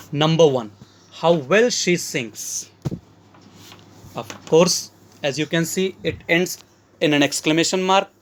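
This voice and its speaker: A man with an Indian English accent, his voice pitched a little high, teaches from slides. He goes through each example step by step and keeps calling his listeners friends. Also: a little hiss or hum. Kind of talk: slide-based grammar lesson.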